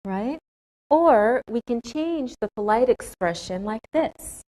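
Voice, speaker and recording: A woman teaching English in a scripted classroom lesson, speaking slowly and carefully with clear enunciation. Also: fairly high pitch, animated, mellow, poor audio.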